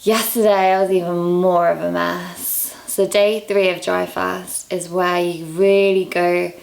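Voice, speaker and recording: A young woman from England talking casually to camera in a vlog, candid and quick to laugh at herself, a little out of breath. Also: fairly low pitch, level tone, vocal fry, a little mellow. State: out of breath, low on energy. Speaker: vlogger.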